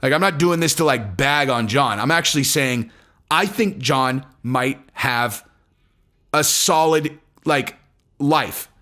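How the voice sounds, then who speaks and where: A man talking casually as an MMA commentator, blunt and a little profane, rambling between points in a relaxed vlog way. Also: mid-range voice, slow pace. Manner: animated, rambling, acts out quotes in other voices.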